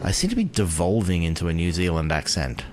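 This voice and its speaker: A man giving casual gameplay commentary as a video host, thinking aloud in a musing, drawn-out way. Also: low voice, big pitch swings, over music.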